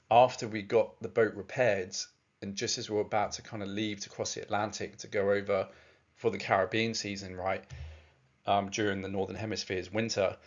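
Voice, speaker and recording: Low-voiced man rambling through a personal story. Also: lo-fi sound. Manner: rambling, conversational, frequent fillers and restarts. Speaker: presenter.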